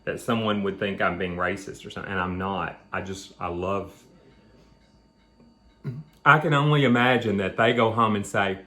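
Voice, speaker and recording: Man, fairly low voice, rambling casual chat, eating at home. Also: normal speed, long pauses, sharp tone. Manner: chatty, rambling, talking between bites. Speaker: vlog host.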